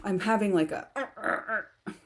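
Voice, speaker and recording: A woman's voice: medium pitch, slow pace. A woman hosting a casual livestream for writers from her home in the country, chatting and laughing often as she reads viewer comments aloud.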